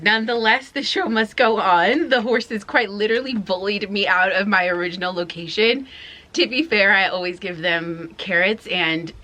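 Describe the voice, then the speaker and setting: Bright-voiced young woman from New York. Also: fairly low pitch. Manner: chatty, laughing, candid. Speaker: vlogger. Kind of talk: casual talk to camera. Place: outdoors near horses and dogs.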